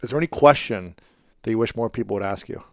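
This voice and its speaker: A man's voice: fairly low pitch, quick pace, no room sound, studio quality. A man hosting an interview, reacting briefly and asking curious follow-up questions. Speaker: host. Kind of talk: casual interview chat.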